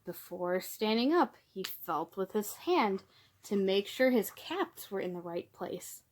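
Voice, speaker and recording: A young woman reading a picture book aloud to children, gentle, calling her listeners friends and gasping for effect. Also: mid-range voice, animated, unhurried, slight background noise. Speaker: children's storyteller.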